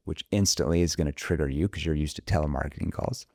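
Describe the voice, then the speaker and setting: A man's voice: low-pitched, flat delivery, quick pace, few pauses, mellow, no room sound, studio quality. A man talking as a sales trainer guest in a podcast interview, emphatic, acting out sample phone calls in an upbeat voice.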